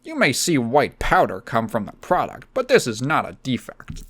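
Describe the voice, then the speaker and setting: A man doing a slow, measured impression of a male online comic reviewer reading instructions. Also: mid-range voice, huge pitch swings, a bit bright, husky, heavily acted. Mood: deadpan.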